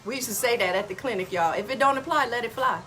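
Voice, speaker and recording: Bright-voiced woman, chatty and folksy. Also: on the high side, quick pace. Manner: chatty, addresses listeners as y'all. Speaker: wellness podcast host. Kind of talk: casual motivational talk.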